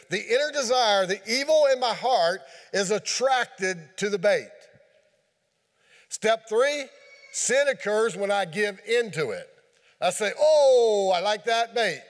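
High-voiced man preaching a folksy sermon. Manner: folksy, animated storytelling with sound effects. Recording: long hall reverb.

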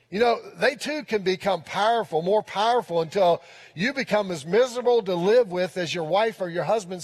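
High-voiced preacher in a reverberant hall. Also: male voice. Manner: earnest preaching with frequent repetition of key phrases. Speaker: pastor. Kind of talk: sermon. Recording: long reverb of a large hall.

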